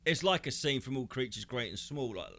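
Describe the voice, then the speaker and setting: Animated man telling a story. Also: mid-range voice, fairly quick, a crowd in the background. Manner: animated, swearing, acts out quoted voices. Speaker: podcast co-host. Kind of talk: casual comedic storytelling.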